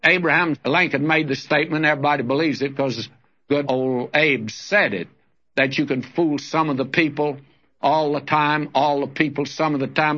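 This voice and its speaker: An older man preaches in a folksy way, reading scripture aloud and calling his listeners friends. His voice is bright and fairly high. The sound is dull and lo-fi, like an old radio broadcast. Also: steady tone, normal speed. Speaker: radio Bible teacher. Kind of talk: sermon.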